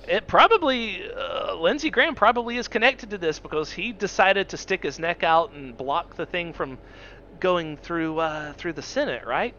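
A man's voice: sits high, normal speed. A man co-hosting a podcast, talking cynically in casual swearing banter. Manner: animated, cynical, breaks into mock voices. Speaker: podcast co-host. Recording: dull lo-fi audio with faint background noise.

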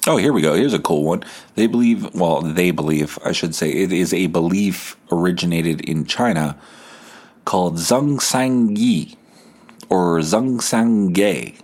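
Man, very low voice, rambling podcast host, sarcastic deadpan humor. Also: a little slow. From Canada. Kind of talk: rambling solo podcast talk.

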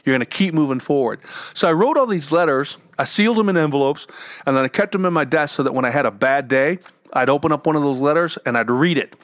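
A fairly high-pitched, fast-talking middle-aged man speaks with no echo, candidly recounting at home with his dogs how he got through illness. As a cancer survivor and entrepreneur, he shares advice earnestly, frequently repeating words.

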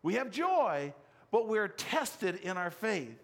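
A pastor preaches a sermon, earnestly explaining scripture and telling a self-deprecating personal story. His high voice swings widely in pitch, and he speaks slowly.

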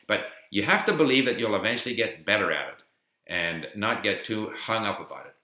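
A man's voice: fairly low pitch, expressive, fairly quick, bright, forceful tone. A man giving an informal explanatory talk on learning a language, emphatic and dotted with fillers, sharing his own learning tips. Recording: roomy echo.

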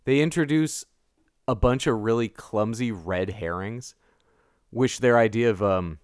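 A man's voice: mid-range voice, a little slow, clear, resonant tone, no echo. Sarcastic man, dry close sound. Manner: sarcastic, laughs often, mocks characters in put-on voices. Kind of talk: casual movie review chat.

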